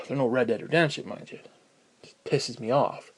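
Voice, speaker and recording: A man's voice: mid-range voice, normal speed, slightly rough. A man ranting casually to the camera, rambling and profane, working himself up as he talks. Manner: profane, rambling and easily worked up. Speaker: gaming vlogger.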